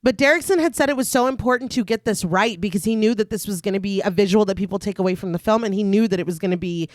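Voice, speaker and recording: A woman's voice: medium pitch, fast, no echo, clean studio sound. A woman co-hosting a horror podcast, retelling the plot of a film in detail between her own casual comments. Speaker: podcast co-host. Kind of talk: casual chat and film recap narration.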